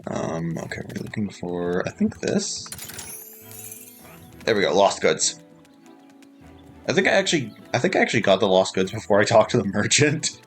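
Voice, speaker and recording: Male let's-play commentator, casual rambling, lively pitch, light game music. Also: normal speed, long pauses, poor audio. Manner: rambling, self-correcting explanations. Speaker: gameplay streamer.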